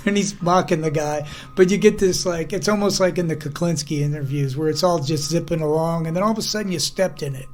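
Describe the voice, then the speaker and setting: A man's voice: fairly high pitch, a little fast, a little mellow. A man co-hosting a podcast, telling stories in a rambling casual chat, peppering his talk with "you know". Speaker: podcast co-host.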